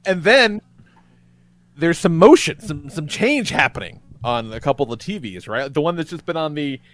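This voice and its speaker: A man with a high voice tells a story on a podcast, his pitch swinging widely as he goes. He is casual, animated and freely profane. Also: normal speed. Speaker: podcast co-host.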